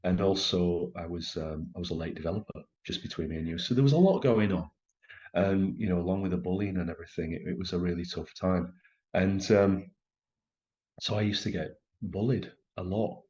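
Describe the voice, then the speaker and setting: A middle-aged man telling a personal story in a conversation, halting and emotional, with many restarts. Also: deep voice, a little mellow, lo-fi sound. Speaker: actor telling his story as a guest.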